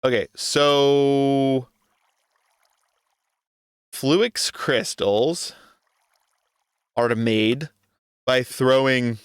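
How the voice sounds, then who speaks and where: A man's voice: mid-range voice, fairly bright tone, smooth, dry recording, studio quality. A young adult man giving casual gameplay commentary, talking to himself in an exasperated, joking way. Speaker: gaming video creator.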